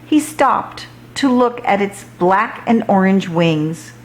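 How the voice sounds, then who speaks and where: A woman slowly and deliberately reads a children's picture book aloud. She tells the story expressively, with her pitch in a middle range.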